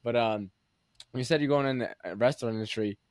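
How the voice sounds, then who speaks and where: A man's voice: medium pitch, a little fast, smooth, no room sound. A young man hosting a casual interview, talking loosely with many fillers into a close mic. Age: young adult. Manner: loose, filler-heavy, says "like" often. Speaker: podcast host.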